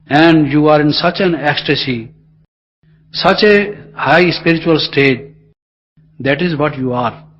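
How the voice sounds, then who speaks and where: Indian English male spiritual teacher, husky higher voice, earnest and emphatic, dull lo-fi recording. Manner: earnest, emphatic, repetitive phrasing. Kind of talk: meditation class talk.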